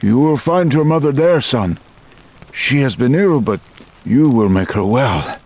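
A man voicing a dignified old male elder who speaks slowly and formally in an audiobook. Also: medium pitch, expressive, darkish tone, pitched above the performer's own voice. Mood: tender. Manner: slow, solemn, formal phrasing. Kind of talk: audiobook character voice.

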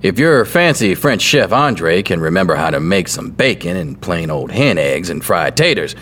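A man's voice: sits low, big pitch swings, moderate pace, fairly bright tone, a little hiss or hum. A man playing a laconic frontier gunfighter. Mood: dry, calm. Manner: drawling, terse, plainspoken. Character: tough laconic male gunfighter, dry humor. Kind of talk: audio drama acting.

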